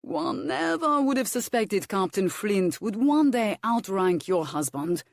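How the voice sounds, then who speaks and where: A woman's voice: medium pitch, sing-song, a little slow, creaky, no room sound, clean studio sound, pitched above the performer's own voice. A woman voicing a sly young male count who mocks with innuendo and feigned innocence. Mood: teasing. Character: sly, teasing French count, a young man.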